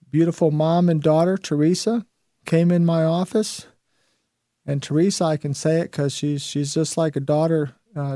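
A man's voice: fairly high pitch, mellow, no room sound, studio quality. A man in his fifties hosting a show, giving an emphatic motivational talk and repeating his key phrases. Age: 50s. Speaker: host.

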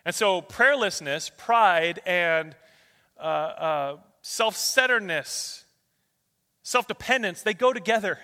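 A man preaching in a large church sanctuary, his tone bright and forceful, his voice sitting a little higher than most men's. It carries with a long hall reverb around it. He swings between loud, rushing passages and hushed, slow ones, reading scripture verses one after another. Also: lively intonation, clean tone. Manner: reads a long string of scripture verses in quick succession. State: out of breath. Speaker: pastor. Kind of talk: sermon.

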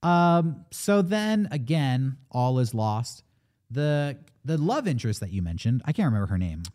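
This movie-podcast co-host speaks at a medium pitch, a little slowly. He's casual yet animated, eagerly recounting a plot and doing quoted voices for the characters.

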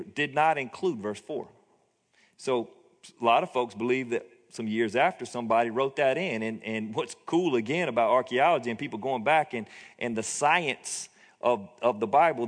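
A man preaching a sermon in a conversational, joking storytelling manner. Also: mid-range voice. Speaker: pastor. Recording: long hall reverb.

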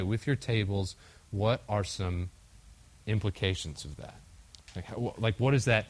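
A young man preaching a casual sermon, acting out the quoted voices of the story, with a few slips along the way. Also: on the low side. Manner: conversational, acts out quoted voices, occasional slips. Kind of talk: casual sermon with group discussion.

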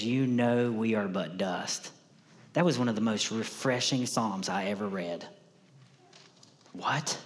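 A man's voice: mid-range voice, big-room sound. A man preaching a conversational sermon to a congregation, often repeating key lines for emphasis. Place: church sanctuary.

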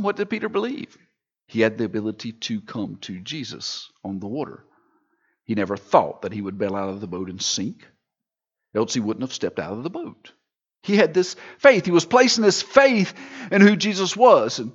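A pastor delivering a sermon, moving from hushed storytelling to loud, fervent preaching. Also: male voice, medium pitch, big pitch swings, moderate pace, pauses often, highs cut off.

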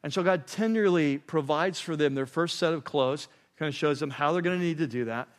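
A male pastor delivers a sermon in a slightly high, casual, conversational voice. He leans in with repeated prompts to his listeners and sinks low and soft when he lands a point. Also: brisk. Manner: conversational preaching, repeats "catch this", drops low and quiet on key phrases.

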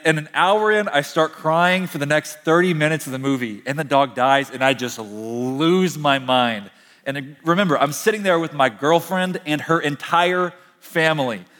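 A man's voice: fairly high pitch, expressive, a bit bright. Young male pastor in a reverberant hall. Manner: conversational storytelling with slow emphatic pauses. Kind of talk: sermon. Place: large hall, speaking from a stage.

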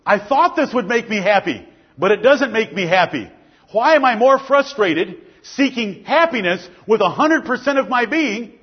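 A man's voice: high-pitched, expressive, normal speed, breathy edge, in a large hall. A man voicing the prodigal son, a despairing young man questioning himself in anguish, on a dull lo-fi recording. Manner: anguished, pleading self-questioning.

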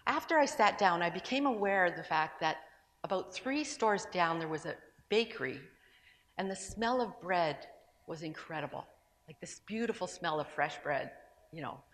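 A woman's voice: on the low side, expressive, moderate pace, a bit bright, long reverb tail. A woman speaking to a gathering, telling a personal story in a conversational, sermon-like way with asides and restarts. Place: large room with an audience.

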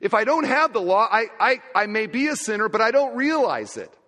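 A man preaching a sermon as pastor, emphatic and swinging between loud and quiet. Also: sits high, very animated, a little fast, long reverb tail.

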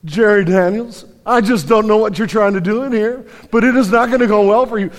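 A hard-nosed male coach with a goofy cartoon bear-like voice, mimicked by a man. He scolds in a slow drawl, and his voice sits fairly high. The sound carries a long hall reverb. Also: natural voice. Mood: scolding.

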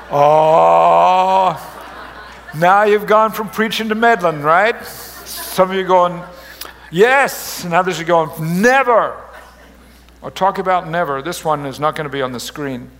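A middle-aged man preaching a humorous sermon as pastor, joking and teasing his congregation in an animated way. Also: sits high, gravelly. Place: church service.

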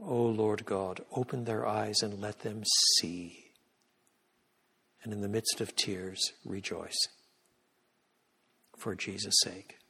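A guest lecturer, a man with a slightly husky, lowish voice, gives a sermon-style lecture in a church. Speaking slowly and steadily with frequent pauses, he drives his main points home loudly before dropping into a hushed, reverent prayer. The church hall's long reverb rings through the sound.

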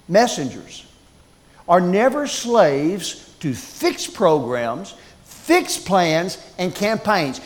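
A man preaching a sermon, emphatic and dramatic, swinging between loud and hushed. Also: very high-pitched.

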